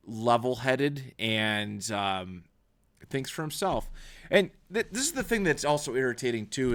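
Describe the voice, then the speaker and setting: A man's voice: medium pitch, fairly bright tone. A man hosting a podcast, talking casually and emphatically, restarting his sentences often as he rambles. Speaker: podcast host. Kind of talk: casual solo podcast talk. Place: small recording studio.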